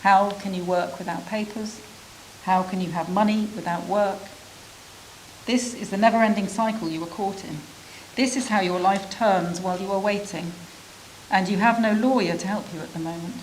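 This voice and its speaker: A woman reads a literary story aloud in a measured, reflective voice, at a middle pitch. She lets pauses sit between phrases. A faint hiss stays under her voice. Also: steady tone, poor audio. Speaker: reader of a refugee's story. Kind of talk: reading a literary prose piece aloud.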